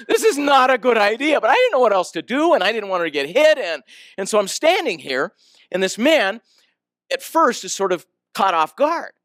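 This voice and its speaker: A man's voice: sits high, normal speed, dry recording, clean studio sound. A man giving a storytelling talk, asking the audience questions and acting out the people in his story. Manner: animated storyteller, asks the audience questions, acts out quoted voices. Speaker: speaker.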